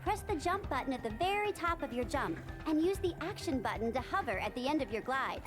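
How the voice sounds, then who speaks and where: A woman voicing a helpful video game tutorial guide who gives clear instructions. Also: high voice, sing-song, a little fast. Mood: instructive. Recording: game audio with clear music behind.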